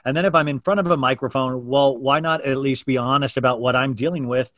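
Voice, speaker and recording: A man who hosts a daily podcast talks candidly about his life in a loose, rambling way, often restarting his sentences. His voice sits at an average pitch. The sound is dry and close. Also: quick pace, a bit bright, dry recording. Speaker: podcast host. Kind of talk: casual chat.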